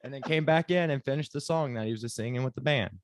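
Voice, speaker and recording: A man's voice: mid-range voice, quick pace, dry recording, studio quality. Laid-back man telling a wry story. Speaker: former pro quarterback, guest. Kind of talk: casual storytelling interview.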